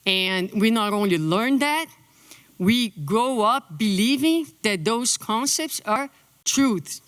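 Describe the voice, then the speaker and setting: A middle-aged woman from Brazil, a native Portuguese speaker with a Brazilian accent, giving a conference lecture in an animated way. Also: fairly high pitch, slow pace, dry recording. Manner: animated, acts out quotes in a lifted voice.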